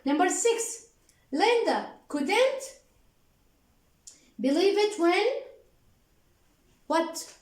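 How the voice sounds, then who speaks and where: A woman teaching an English workbook lesson with an Arabic accent, slowly repeating answers and prompting the class with questions. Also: very high voice, animated, darkish tone, reverberant, rough recording. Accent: Arabic-speaking. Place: classroom with a board.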